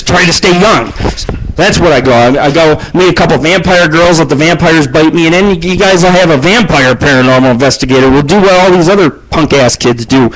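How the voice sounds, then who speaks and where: A man's voice: a little hiss or hum, poor audio. Profane boastful male radio host. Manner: profane, boastful, rambling, shifts pitch for jokes. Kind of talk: crude ranting monologue. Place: abandoned house.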